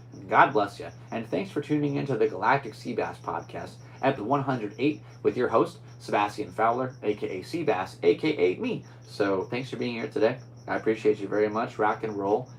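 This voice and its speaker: A man's voice: mid-range voice, vocal fry, slight background noise, low-quality recording. A man hosting his own podcast alone, talking in a rambling, easygoing way with upbeat sign-offs. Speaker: podcast host. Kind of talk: casual solo podcast chat.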